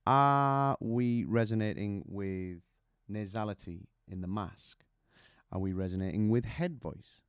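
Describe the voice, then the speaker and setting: Man, vocal coach; deep smooth voice, dry close sound, teaching with vivid imagery. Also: unhurried, no room sound, lo-fi sound. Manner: explains with images and rhetorical questions. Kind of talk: vocal technique lesson.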